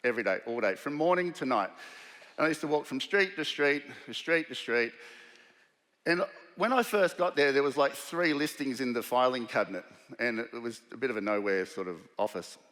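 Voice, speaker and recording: An Australian man tells a personal story to a conference crowd with animated, conversational energy, slipping into the voices of the people he describes. His voice sits at an ordinary middle pitch. The sound carries a long reverb from a large hall. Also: moderate pace. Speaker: keynote speaker. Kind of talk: storytelling talk to a live audience.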